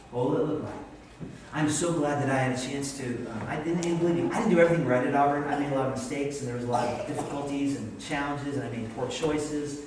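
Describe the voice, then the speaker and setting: A man from Vermont preaching a sermon in a church, telling stories in an animated, self-deprecating way. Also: medium pitch, background noise. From Vermont, USA. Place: church sanctuary. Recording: echoey church hall, distant mic.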